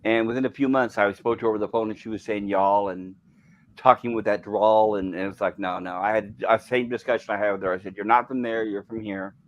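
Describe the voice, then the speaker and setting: A man's voice: on the low side, fairly even intonation, fast, muffled recording. Dry-humored man from California. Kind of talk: casual chat.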